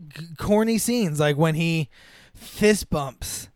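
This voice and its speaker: High, smooth-voiced excitable man. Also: slow pace, no room sound, clean studio sound. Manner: excitable, laughs often, swears freely. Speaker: podcast co-host. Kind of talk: casual movie review chat.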